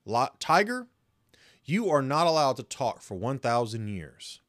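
A man voicing a wise old male owl who calmly hands down a stern judgment. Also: medium pitch, a little slow, no room sound, clean studio sound.

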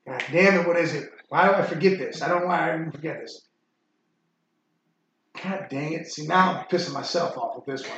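A man's voice: a little high, fairly bright tone, a little hiss or hum. A man hosting a casual sports chat podcast, rambling and swearing freely. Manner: rambling and profane, frequent fillers. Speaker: podcast host. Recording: echoey room, muffled sound.

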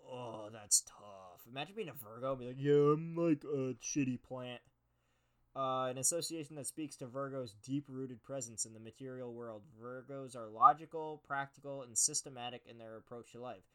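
A man's voice: mid-range voice, brisk, few pauses, sharp tone, clean tone. A young man hosting a casual podcast, reading horoscope text aloud and mocking it with profane, sarcastic asides. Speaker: podcast host. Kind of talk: casual comedic commentary.

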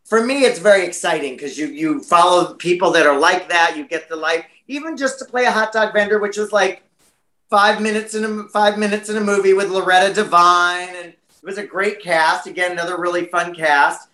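Brief: American man, chatty interview guest, high and bright, roomy echo. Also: a little fast. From United States. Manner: chatty and animated, many fillers. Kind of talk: casual interview chat.

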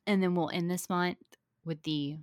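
A woman's voice: lowish voice, steady tone, normal speed, darkish tone, slight background noise. A woman co-hosting a podcast in casual chat who laughs easily. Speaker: podcast co-host.

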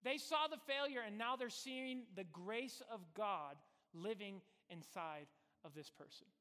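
A man preaching a sermon as pastor, telling the story conversationally and swinging between loud bursts and quiet, hushed lines. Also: high voice, lively intonation, a little slow, long reverb tail.

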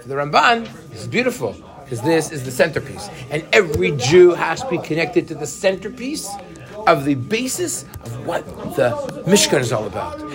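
A man's voice: fairly high pitch, normal speed, music in the background. A man teaching a Torah class who keeps asking his students questions. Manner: animated, asks the class questions.

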